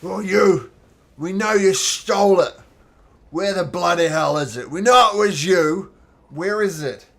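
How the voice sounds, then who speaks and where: A gruff town watch captain, as a game master puts him on blusters and accuses at full volume. His voice sounds rough and bossy. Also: high-pitched, measured pace, voice pushed up. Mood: accusing.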